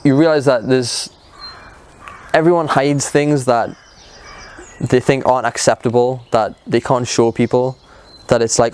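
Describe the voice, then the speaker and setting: A young man casually retelling a story, talking in a loose, animated way with lots of "like" and "um". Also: medium pitch, slight background noise. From United Kingdom. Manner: animated retelling, filler-heavy with frequent "like" and "um". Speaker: motivational show co-founder.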